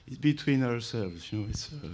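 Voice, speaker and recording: Man, French accent, rambling host talk, clear background noise. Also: medium pitch, lively intonation, normal speed, a little mellow. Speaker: moderator. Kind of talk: hosting a live gathering. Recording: noisy live event recording.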